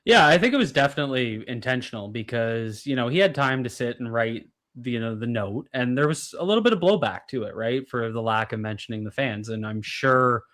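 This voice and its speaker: A man co-hosting a sports podcast, giving blunt, frank opinions with halting restarts. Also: medium pitch, expressive, a bit bright. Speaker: podcast co-host. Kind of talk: casual sports roundtable chat.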